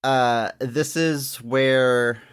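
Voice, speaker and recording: A man's voice: medium pitch, fairly even intonation, drawn-out words, smooth. Chatty laughing podcast man. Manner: chatty, laughs often, restarts and fillers. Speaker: podcast co-host. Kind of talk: casual movie discussion.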